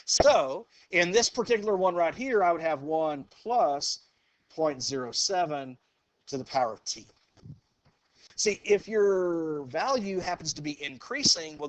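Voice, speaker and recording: A man's voice sitting a little above the usual range leads a math lesson in a classroom. He walks the students through each step in an easygoing way, filling the gaps with "okay" and "go ahead." He often stops to put a question to the class. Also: a little high. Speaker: math teacher. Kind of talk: classroom lecture.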